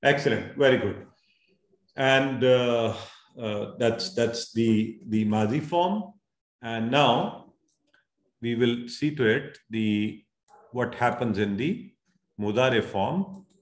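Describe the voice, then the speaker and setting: A man's voice: mid-range voice, takes it slowly, roomy sound. A man teaching an Arabic grammar class online, patiently explaining and calling on students. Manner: patient, drills students, calls on them by name.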